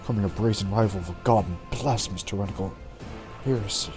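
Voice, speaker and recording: A man's voice: fairly low pitch, fast, close to an everyday voice. A man reading the lines of a stern female rogue trader judge in a formal, declamatory way, in his own voice. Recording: background game music.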